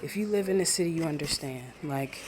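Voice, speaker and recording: Casual solo podcaster, mid-pitched voice, low-key, rambling, home at night, handheld mic. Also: fairly quick, noisy background. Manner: talking low and rambling, swears freely. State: winding down. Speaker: podcast host. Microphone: small handheld USB microphone.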